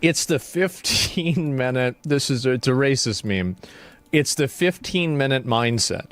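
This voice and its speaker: A man's voice: mid-range voice, expressive, a little slow, fairly bright tone. A man commenting in a played stream clip, blunt and dismissive in his opinions. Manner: emphatic, dismissive.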